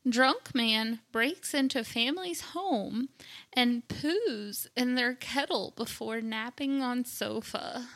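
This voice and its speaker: A woman reading out strange news stories on a casual comedy podcast and laughing easily between lines. She talks at a slow, unhurried pace in a slightly high, bright voice. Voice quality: giggly, laughs often.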